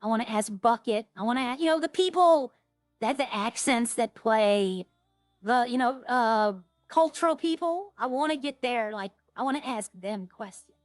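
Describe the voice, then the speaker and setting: A woman's voice: fairly high pitch, expressive, moderate pace, no room sound, soft background music. Chatty rambling woman streamer, dry close sound. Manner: rambling, chatty, trailing off and restarting. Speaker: roleplay streamer. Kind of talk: casual streaming chat while playing.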